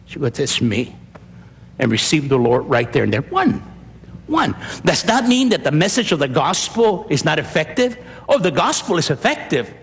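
An older man preaching a sermon as pastor, emphatic and animated, asking rhetorical questions. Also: a little high, normal speed. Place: church. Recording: long hall reverb.

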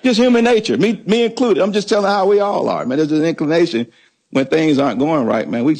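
Preaching a little fast in an animated, higher-pitched voice, this pastor drives points home by repeating words. He also asks the congregation questions in call-and-response fashion.

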